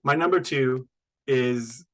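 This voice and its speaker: A man's voice: mid-range voice, slow, a bit bright. Easygoing male podcast co-host. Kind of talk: casual podcast chat.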